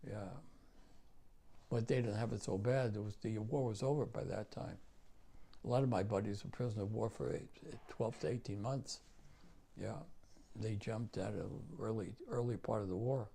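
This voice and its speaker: An older man with a New York accent, a war veteran recounting memories in an interview, halting and repeating himself. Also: on the low side, fairly even intonation, creaky, mellow, slight background noise. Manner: halting, repeats phrases, many fillers.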